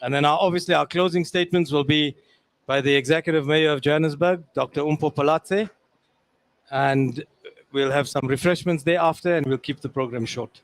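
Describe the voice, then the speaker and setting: Man, landlord, outdoor welcoming speech, halting with restarts, higher voice. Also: dry recording. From South Africa. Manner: halting, with frequent restarts and fillers. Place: outdoors at a mall event.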